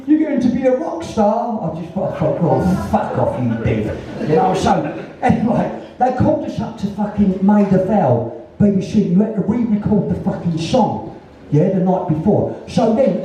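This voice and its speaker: A high-pitched but darkly coloured Cockney man in his sixties from East London rattles through sweary stories on stage, imitating the people in them. He is caught from a distance in a very echoey room, with a faint noise underneath. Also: warm tone. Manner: swearing, rambling anecdotes, acting out other people's voices. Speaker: guest storyteller. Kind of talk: live on-stage conversation. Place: venue in front of an audience.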